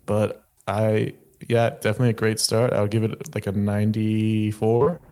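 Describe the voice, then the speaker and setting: A man's voice: on the low side, flat delivery, moderate pace, dark tone. A young man co-hosting a review podcast, laid-back and matter-of-fact. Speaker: podcast co-host. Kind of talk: casual review chat.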